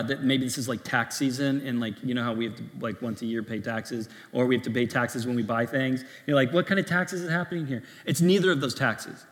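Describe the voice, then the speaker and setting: Male pastor with a bright, forceful voice, telling stories animatedly, heard in a reverberant hall. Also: medium pitch. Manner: animated storytelling with laughs and voiced asides. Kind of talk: sermon. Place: church hall.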